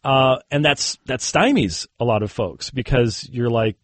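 A man's voice: mid-range voice, unhurried, hardly any pauses, no echo. A man who is a guest on an interview, a Christian debater telling a story casually with many fillers and chuckled asides. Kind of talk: conversational interview.

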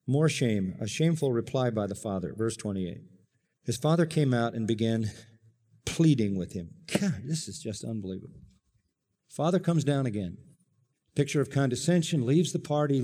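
A man's voice: a little high, mellow, in a large hall. A man preaching a sermon, dramatic and emphatic, often acting out the characters' lines. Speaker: pastor.

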